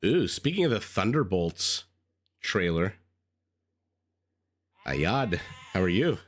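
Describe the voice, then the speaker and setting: A man's voice: sits low, big pitch swings, takes it slowly. A man recovering from a cold, chatting through live game commentary, thinking aloud and greeting viewers. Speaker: game caster. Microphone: desk microphone.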